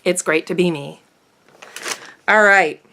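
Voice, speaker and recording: A woman's voice: fairly low pitch, slow pace, pushed and bright. A woman beauty vlogger chatting casually to camera at home, rambling and self-deprecating.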